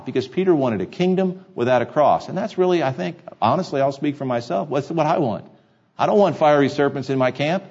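A man's voice: on the high side, mellow, husky, muffled recording. A man preaching a sermon to his congregation, earnest and repeating key phrases for emphasis. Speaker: pastor. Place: church sanctuary.

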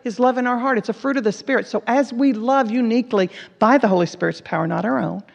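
A woman's voice: a little high, fast talker, creaky. A woman preaching a sermon, earnestly telling personal stories and acting out the dialogue in them. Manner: earnest, acts out quoted dialogue. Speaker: Bible teacher. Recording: echoey hall, dull lo-fi sound.

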